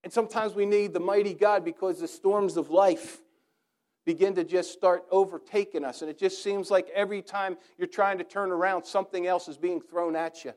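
A man with a strikingly high voice delivers a sermon. He asks rhetorical questions and stacks up repeated phrases in a steady, rhythmic preaching cadence. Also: moderate pace.

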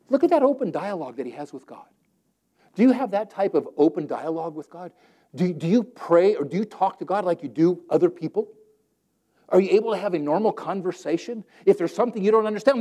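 A Southern California pastor delivers a sermon in plain, everyday language, high-pitched and fairly quick. He's animated and conversational, acting out scripture verses as he quotes them.

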